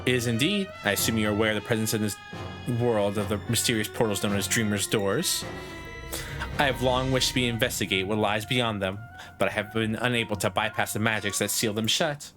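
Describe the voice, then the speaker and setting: A man's voice: fairly low pitch, steady tone, brisk, music in the background, lightly acted. A man voicing a haughty woman professor who grades everyone, reading in a prim, lecturing Valley Girl lilt.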